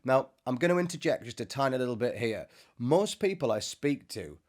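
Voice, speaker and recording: With lively intonation and a fairly quick delivery, a man shares a casual spiritual message to camera while sitting indoors before a bright setup, cracking jokes along the way. He is a Christian speaker whose medium-pitched voice has a darkish tone.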